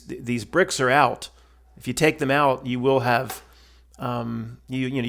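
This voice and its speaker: A man's voice: mid-range voice, gravelly. A man giving casual, blunt voice-over commentary on a stove build video, rambling with many restarts and fillers.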